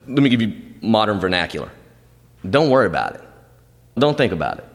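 A man preaches a sermon in a church, his voice leaping up and dropping low as he quotes scripture. He sits at an ordinary middle pitch. A long reverb from the large hall trails his words. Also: sing-song, fairly quick, long pauses, a bit bright. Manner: preaching with dramatic swings, quoting scripture. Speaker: pastor. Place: church sanctuary.

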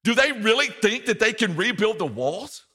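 A man's voice: high voice, sing-song, rapid-fire, sharp tone, husky, voice pushed up, heavily acted. A man preaching as he voices a scornful enemy who mocks believers with taunting questions. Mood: mocking.

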